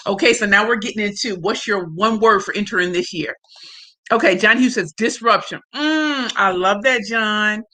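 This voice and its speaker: Bright-voiced, effusive woman livestream host. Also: mid-range voice, moderate pace. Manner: effusive, greets viewers by name and reads comments aloud; slangy and emphatic. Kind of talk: casual livestream chat.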